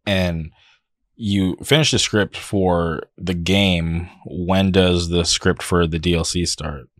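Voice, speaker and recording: A man hosting an interview, asking questions in a relaxed, enthusiastic way. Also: sits low, slow pace, dry recording, studio quality. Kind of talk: casual interview chat.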